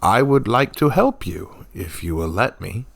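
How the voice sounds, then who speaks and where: A man voicing a calm, gentle wandering monk who speaks slowly and softly. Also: fairly low pitch, gravelly, exaggerated voice. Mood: serene. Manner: slow, calm, soft-spoken.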